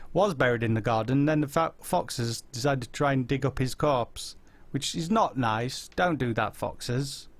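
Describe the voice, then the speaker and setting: A man hosting a casual live-stream chat, rambling through viewers' comments with deadpan silly humor. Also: mid-range voice. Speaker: host.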